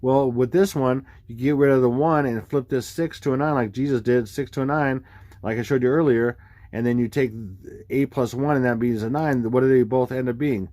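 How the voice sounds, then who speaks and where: A man explaining dates and numbers on screen in a rambling, excitable way, full of fillers and sudden exclamations. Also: medium pitch, moderate pace, no room sound. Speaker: video creator explaining number theories. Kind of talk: casual screen-share commentary.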